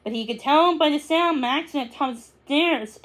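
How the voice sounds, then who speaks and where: High-voiced woman reading a storybook. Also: fairly bright tone. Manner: unhurried, with small slips and restarts. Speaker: story reader. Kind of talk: reading a children's book aloud.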